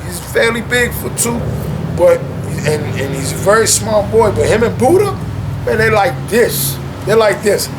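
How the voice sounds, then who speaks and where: A young man, a guest, chats casually and animatedly at home with his dogs, his loose, slang-heavy talk dropping "man" into nearly every thought. His voice is high and at normal speed, against a noisy background.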